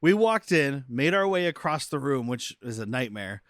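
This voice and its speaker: A man's voice: mid-range voice, big pitch swings, moderate pace, fairly bright tone, dry recording, studio quality. A man co-hosting a podcast, recapping film scenes in casual chat and acting out the characters' lines. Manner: recaps scenes, acts out quotes. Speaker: podcast co-host. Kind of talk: casual movie-riffing chat.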